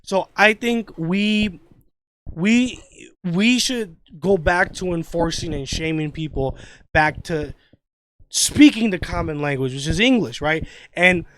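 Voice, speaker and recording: A man's voice: high-pitched, takes it slowly, fairly bright tone, slight background noise. A man hosting a podcast, talking in a profane, rambling rant full of restarts. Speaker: podcast host. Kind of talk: casual podcast chat.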